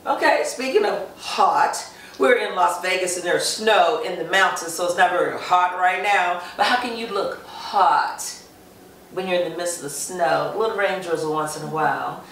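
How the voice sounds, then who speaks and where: A woman's voice: lowish voice, moderate pace, fairly bright tone. A woman hosting a talk show, chatting casually and leading with questions and frequent okays. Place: Las Vegas. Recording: echoey room, far from the mic, faint background hum.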